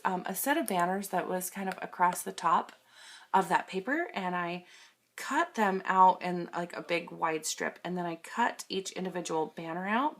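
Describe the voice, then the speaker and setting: A young woman with a slightly low voice chats through her scrapbook pages at home. She talks casually and fills her sentences with ums and likes. She pokes fun at herself as she goes, and the sound comes straight from her camera mic. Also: a bit bright. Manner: chatty, filler-heavy, self-deprecating. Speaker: scrapbooking vlogger. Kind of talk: casual show-and-tell.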